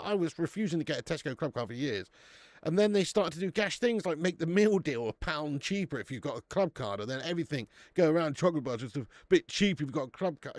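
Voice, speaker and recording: A man with a British English accent hosts a live beer review stream from a warm room at home. He chats casually, banters with viewers and swears freely. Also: a little high, dry recording.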